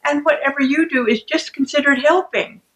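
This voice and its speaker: A woman acting out a resentful spouse who complains loudly and then pleads. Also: high voice, normal speed, voice pushed up, poor audio. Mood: complaining. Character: resentful spouse who blows up over chores.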